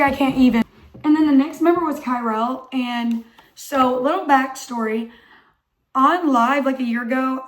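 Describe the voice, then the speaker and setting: A young woman with a hoarse, not fully recovered voice, excitedly telling a casual vlog story and filling her talk with "like". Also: sits high. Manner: excited, chatty, heavy use of "like". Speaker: vlogger.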